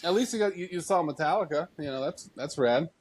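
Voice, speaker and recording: A man co-hosting a podcast who mostly listens, chiming in with short reactions and quiet laughs. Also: a little high, fast talker. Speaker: podcast co-host. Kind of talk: casual chat, listening and reacting.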